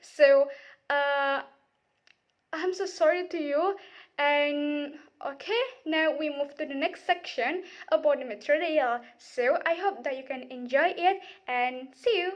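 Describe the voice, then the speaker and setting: A woman's voice: high-pitched, a little slow, lo-fi sound. A young woman introducing her part of a class presentation, apologetic and hesitant, recorded on a phone. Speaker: student presenter.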